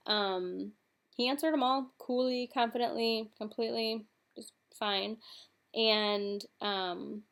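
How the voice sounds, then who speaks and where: A young woman talks straight to the camera in a loose, chatty vlog, stringing events together with lots of "um" and "like". Her voice sits at an ordinary middle pitch for a woman and her delivery is relaxed and unscripted. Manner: chatty, frequent fillers and "like", recounts in quick sequence. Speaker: vlogger. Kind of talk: casual personal vlog storytelling.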